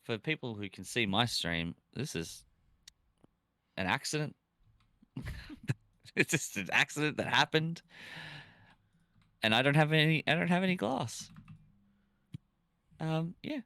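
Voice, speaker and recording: A man's voice: a little high, measured pace, creaky, pauses often, no room sound, clean studio sound. A man streaming a game, chatting casually and joking with his viewers. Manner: lively, joking, talks to chat. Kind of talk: casual gaming chat.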